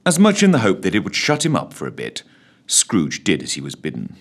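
A man narrates a comic story in a wry, mock-solemn tone. His voice sits fairly low but leaps around with huge swings of pitch. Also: wildly swooping pitch, fairly quick, husky.

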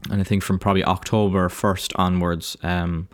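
A man's voice: deep voice, little pitch movement, normal speed, dry recording, clean studio sound. An Irish man hosting a solo podcast, talking in a rambling, profane, self-deprecating way. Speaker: podcast host. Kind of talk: casual solo podcast monologue.

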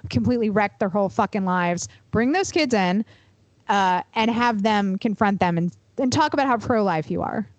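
A woman co-hosting a podcast, talking in an animated, emphatic, profane way. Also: mid-range voice, normal speed, no echo, highs cut off. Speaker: podcast co-host. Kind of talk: casual chat.

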